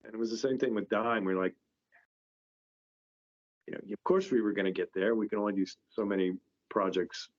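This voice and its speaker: Low-voiced man telling a rambling story. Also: steady tone, a little fast, pauses often. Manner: rambling, with many restarts. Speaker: guest, company founder. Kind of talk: casual storytelling. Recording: dull lo-fi podcast audio.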